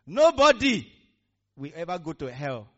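A man's voice: medium pitch, animated, normal speed. A man preaching a sermon, using call-and-response with the congregation. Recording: muffled lo-fi recording.

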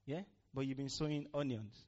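A man's voice: mid-range voice, fairly quick, darkish tone. Male preacher, sermon delivery, emphatic call-and-response, lo-fi sound. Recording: muffled lo-fi recording.

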